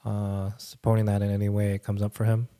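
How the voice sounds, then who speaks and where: A man, a father, speaks as a guest on a podcast. His low, mellow voice stays measured and thoughtful as he considers his answers. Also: monotone. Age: adult father. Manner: measured, thoughtful, frequent murmured agreement. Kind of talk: reflective casual conversation.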